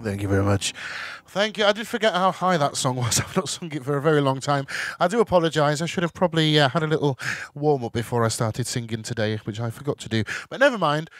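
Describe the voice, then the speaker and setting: A man's voice: a little high, animated, fast, a bit bright, dry recording, faint music behind. A man hosting a casual live chat show, reading out viewer messages in a chatty, self-deprecating way with jokey asides. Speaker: host.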